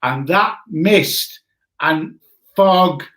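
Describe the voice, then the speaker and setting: A man in his forties telling a story in a casual chat, animated and laughing often, greeting viewers as he goes. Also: fairly high pitch, very slow. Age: 40s. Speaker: guest.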